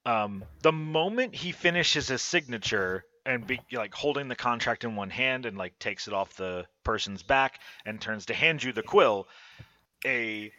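Bright-voiced man running a tabletop game. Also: mid-range voice, lively intonation, measured pace, lo-fi sound. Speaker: game master.

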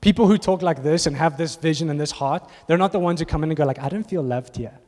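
A man's voice: a little high, fast, a little mellow. A man, preaching a passionate sermon to his church. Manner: passionate, rising to emphatic bursts. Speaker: pastor. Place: church auditorium. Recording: long reverb of a large hall.

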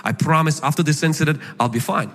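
A man's voice: on the high side, fast talker, a bit bright, natural voice. A man doing a remorseful teenage boy. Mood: pleading. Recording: echoey hall with faint music.

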